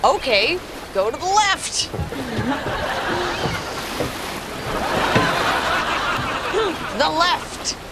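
An actress in her thirties playing a bossy young woman who teaches a friend to sail, coaxing him and then shouting in exasperation. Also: high-pitched, very animated, very slow, heavily acted. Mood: patient coaching. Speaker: sitcom character. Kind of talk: sitcom acting. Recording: noisy TV soundtrack with studio laughter.

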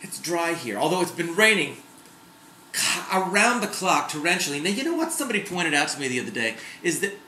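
A man's voice: fairly high pitch, big pitch swings, a little fast, a little hiss or hum. A middle-aged man talking candidly to his camera at home in a casual vlog. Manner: chatty and candid, with sudden loud outbursts. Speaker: vlogger. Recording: echoey room.

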